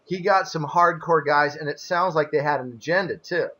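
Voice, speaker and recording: A man's voice: on the high side, moderate pace, sharp tone. A man hosting a casual interview, plainspoken and explaining at length with folksy asides. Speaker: interview host, former elder. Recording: dull lo-fi audio.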